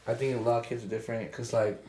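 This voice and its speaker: A man's voice: medium pitch, flat delivery, crowd noise. Young man rambling with fillers, echoey studio. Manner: halting, many fillers and restarts. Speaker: podcast co-host. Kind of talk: casual chat.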